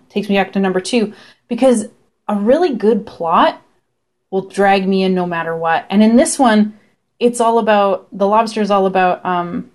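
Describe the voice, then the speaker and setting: A woman's voice: medium pitch, a little mellow. Chatty young woman vlogger, swearing freely. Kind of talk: casual chat to camera.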